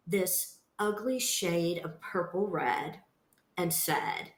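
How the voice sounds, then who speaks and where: A nonprofit founder appears as a podcast guest, recounting her personal story very slowly in an expressive, medium-pitched voice. Her tone is earnest and emphatic, and the recording sounds roomy and echoey.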